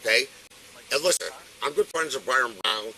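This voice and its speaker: Drunk middle-aged Buffalo man, bright sharp voice, swearing at cops on body-cam audio. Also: medium pitch, fairly quick, a little hiss or hum, rough recording. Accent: Buffalo, New York. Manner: agitated, swearing, name-dropping. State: intoxicated. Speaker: detained judge. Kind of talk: heated argument with police. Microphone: police body-worn camera.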